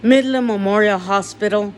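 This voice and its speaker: A woman's voice: mid-range voice, darkish tone, a little hiss or hum. A woman giving a raw personal confessional monologue, weary and emotional, with blunt swearing. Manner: slow, weary and emotional, turning bitter with swearing. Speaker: vlogger.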